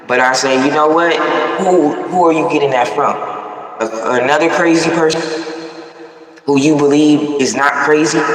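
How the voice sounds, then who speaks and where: A man's voice: medium pitch, fairly bright tone. Youthful-sounding man in an echoey room. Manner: rambling, frank, repeats "you know what I'm saying". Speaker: vlogger. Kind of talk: casual personal monologue. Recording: echoey room, far from the mic.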